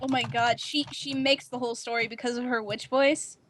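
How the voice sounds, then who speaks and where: A woman's voice: fairly high pitch, steady tone, a little fast, fairly bright tone, a little hiss or hum. A woman co-hosting a livestream, chatting in a bubbly way and laughing often. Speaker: co-host. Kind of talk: casual group chat on a livestream.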